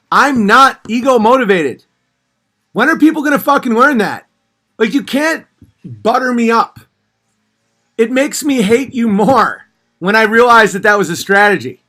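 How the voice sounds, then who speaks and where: A man hosting a casual livestream, reading viewer comments and answering in a blunt, profane, animated way that sometimes rises to shouting. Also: sits high.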